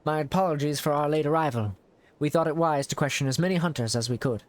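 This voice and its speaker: A man's voice: fairly high pitch, fast talker, close to an everyday voice. A man reading out a formal, earnest young male scholar, slipping over a few words. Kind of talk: reading game dialogue aloud.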